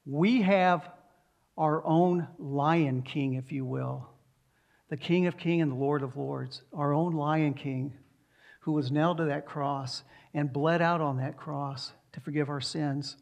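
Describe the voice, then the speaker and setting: Emphatic preacher with a higher voice. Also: male voice, fairly even intonation, slow pace, gravelly, a little mellow, highs cut off. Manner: emphatic, repeats rhetorical questions. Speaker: pastor. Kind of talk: sermon and prayer.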